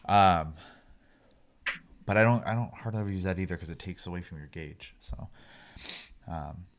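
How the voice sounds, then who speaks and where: A man with a very low voice talking casually on a gaming podcast. He explains how things work in an even, step-by-step way, with a few fillers as he thinks. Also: moderate pace. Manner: explanatory, walks through game mechanics step by step. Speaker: podcast co-host.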